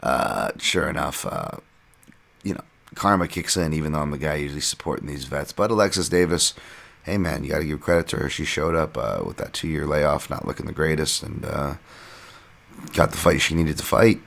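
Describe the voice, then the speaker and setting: A man's voice: rumbling low, expressive, normal speed, creaky, a bit bright. A man hosting a podcast, casually recapping fights in a rambling, self-deprecating way with lots of fillers. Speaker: podcast host and fight analyst.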